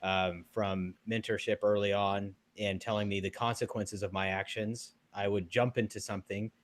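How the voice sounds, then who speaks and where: Animated young man, dry sound. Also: lowish voice, normal speed, no echo. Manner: animated storyteller, laughs often. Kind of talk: casual group discussion.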